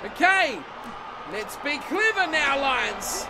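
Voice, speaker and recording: A man giving excitable let's-play commentary on a rugby video game, swearing and yelling at his own team. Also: extremely high pitch, takes it slowly, over a noisy crowd, very noisy. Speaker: gaming channel host. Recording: game music playing behind the voice.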